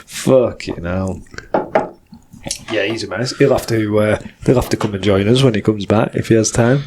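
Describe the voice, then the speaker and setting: Chatty podcast host. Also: male voice, on the low side, background noise. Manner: chatty, quick to agree, sweary. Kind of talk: casual chat.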